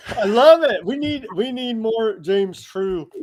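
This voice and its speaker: A man's voice: sits high, animated, slow, a little mellow. A man hosting an interview, eager and agreeing, asking probing questions. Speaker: host. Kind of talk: interview conversation.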